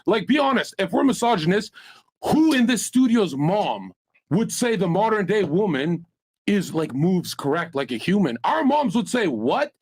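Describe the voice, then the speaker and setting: This man's voice sits fairly high and carries a husky, breathy grain. He talks on a podcast panel, loud, profane and bragging. He tells crude stories and drops into mock voices when he quotes other people. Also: sing-song, moderate pace. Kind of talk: crude boastful storytelling.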